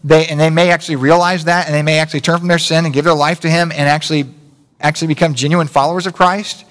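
A man's voice: a little high, flat delivery, quick pace, fairly bright tone. A man preaching a conversational sermon, full of rhetorical questions and self-corrections. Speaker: pastor. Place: church sanctuary. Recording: long reverb of a church hall.

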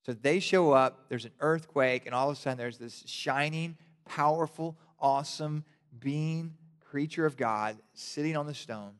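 Man, pastor, sermon, slightly high voice, animated storytelling, passionate emphasis, long hall reverb. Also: moderate pace.

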